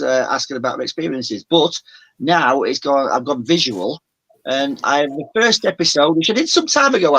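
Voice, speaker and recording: A man's voice: on the high side, gravelly, a bit bright, slightly rough. Rambling man with a faint Yorkshire lilt. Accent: mild Yorkshire English. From Yorkshire, England. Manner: rambling, many restarts and self-corrections. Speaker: guest, paranormal show presenter. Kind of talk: casual video-call chat. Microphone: video call.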